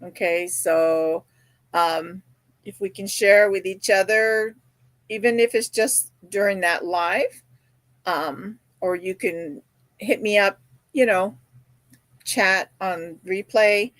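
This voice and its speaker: A woman's voice: medium pitch, slow, fairly bright tone, dry recording. Chatty woman hosting a live stream. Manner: chatty and storytelling, with quoted voices and fillers. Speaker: crochet livestream host. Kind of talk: casual chat reading viewer comments. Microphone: streaming setup.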